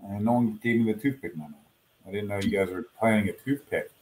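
A man's voice: lowish voice, fast, darkish tone, poor audio. A man talking as a guest on an online show, joking in a mock-indignant way. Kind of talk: casual video call chat.

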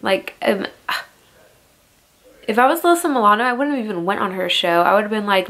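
A young woman rants into her camera at home, heated and profane. Her talk is full of "like" fillers. Her pitch sits in a plain middle range. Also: brisk, pauses often, fairly bright tone. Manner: heated, swearing, filler-heavy "like". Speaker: vlogger. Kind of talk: angry rant to camera.

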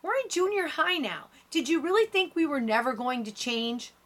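A woman reading an audiobook, voicing a defensive junior-high girl who argues in a raised, sharp voice. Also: lively intonation, normal speed. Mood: angry. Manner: shouting, sharp retorts.

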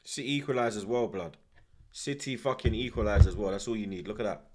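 A man's voice: on the low side, brisk, darkish tone. A man hosting a football watchalong, ranting with heavy swearing and street slang. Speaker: host.

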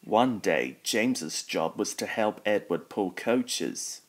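A man with a very low voice reads a children's storybook aloud at an unhurried pace. He voices every character himself without changing his voice much. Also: animated.

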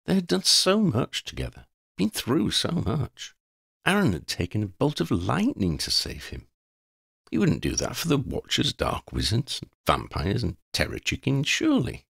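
Gravelly, animated male storyteller. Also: mid-range voice, normal speed, no echo, clean studio sound. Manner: expressive, playful. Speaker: audiobook narrator.

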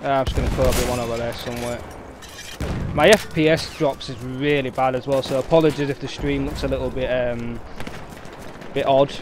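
A man's voice: mid-range voice, fairly even intonation, brisk, noisy background. A young man with a Yorkshire accent streaming a game, chatting easily with his viewers as he plays. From Yorkshire, England. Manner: chatty, easygoing, talks to chat while playing. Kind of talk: casual live gameplay commentary. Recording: game gunfire loud behind the voice.

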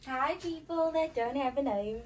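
A woman with a high voice answers briefly and offhandedly. She is heard from across the room. Faint ambient noise sits behind her. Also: measured pace, recorded from a distance.

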